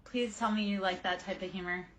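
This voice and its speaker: A woman's voice: mid-range voice, steady tone, brisk, fairly bright tone, a little hiss or hum. A woman in her forties hosting a livestream tarot reading, chatting casually with viewers and drifting off on tangents. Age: 40s. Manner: chatty, rambling, goes off on tangents while answering chat. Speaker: tarot reader and livestream host.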